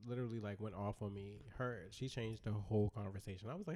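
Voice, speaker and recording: A young man on a casual podcast, telling stories in a low-key, mellow way. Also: fairly even intonation, fast talker.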